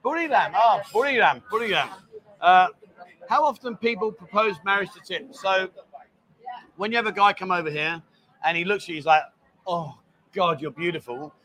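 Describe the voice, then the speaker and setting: A man's voice: high voice, animated, moderate pace, sharp tone. A man hosting a casual livestream from a bar, teasing his guest and reading viewer comments aloud. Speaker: bar show host.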